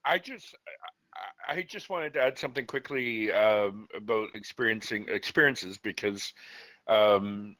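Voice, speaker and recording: Hesitant low-voiced man. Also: unhurried, pushed and bright, no room sound. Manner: hesitant, many fillers. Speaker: panel member. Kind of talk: casual panel chat.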